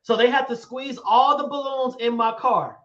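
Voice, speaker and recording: High-voiced excitable man telling stories. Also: normal speed, highs cut off. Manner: excitable storyteller, laughs often, dramatic about fears. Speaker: show host. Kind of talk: animated live-stream chat.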